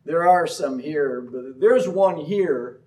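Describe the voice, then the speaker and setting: Man playing a whiny sulky king, mellow voice, from far off the mic. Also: a little high, takes it slowly. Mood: complaining. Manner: complaining. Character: sulking, petulant male king.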